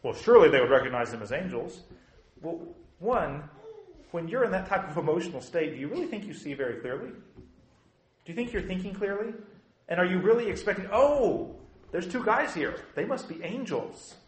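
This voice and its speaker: A man's voice: a little high, sing-song, brisk, echoey room, a little hiss or hum, poor audio. A male pastor preaching a conversational sermon who acts out the quotes he tells.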